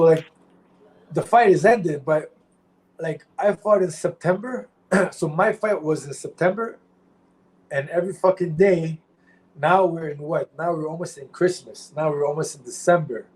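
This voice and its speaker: A man's voice: a little high, a little slow, long pauses, darkish tone, low-quality recording. A man who used to fight professionally, talking heatedly in an interview, swearing often and repeating himself as he argues. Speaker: former pro fighter, guest. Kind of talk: candid interview talk.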